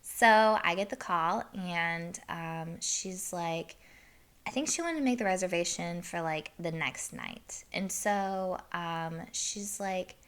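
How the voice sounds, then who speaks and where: Woman host, bright and chatty, casual anecdote with laughs and fillers. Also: lowish voice, slow pace, clear, resonant tone. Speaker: podcast host. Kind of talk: casual storytelling.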